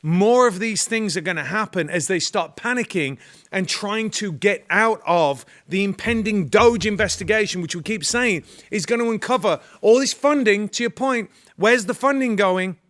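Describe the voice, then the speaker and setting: A British man co-hosting a political commentary show, speaking emphatically as he rallies his audience. His voice sits notably high for a man. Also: normal speed, fairly bright tone. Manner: emphatic, rallying. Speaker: co-host.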